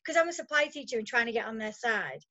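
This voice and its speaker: Twenties female guest, high-pitched, giggly chatter, muffled lo-fi audio. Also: expressive, quick pace, bright, forceful tone. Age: 20s. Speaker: guest, supply teacher. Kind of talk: casual chat. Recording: dull lo-fi sound.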